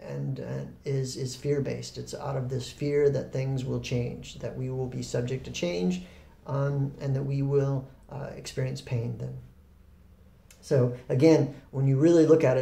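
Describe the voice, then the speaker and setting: A man giving a reflective spoken talk on happiness, relaxed and rambling, with fillers and restarts. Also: medium pitch, moderate pace, creaky, reverberant. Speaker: spiritual talk host.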